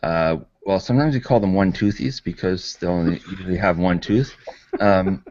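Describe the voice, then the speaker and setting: A man from Canada chatting casually with hesitant pauses and dry humor. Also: low-pitched, darkish tone. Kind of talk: casual chat. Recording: dull lo-fi online call audio.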